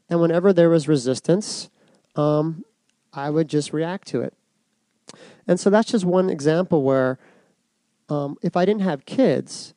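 A middle-aged man giving a reflective personal talk to an audience, soft and unhurried with many pauses. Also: fairly high pitch, no room sound. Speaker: speaker giving a dharma talk.

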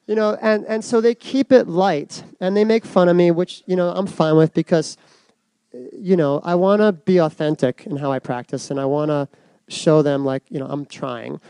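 Soft-spoken reflective man, mellow voice. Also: fairly high pitch, fairly even intonation, clear, resonant tone, dry recording. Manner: reflective, soft, with many pauses and fillers. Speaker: speaker giving a dharma talk. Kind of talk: personal talk to an audience.

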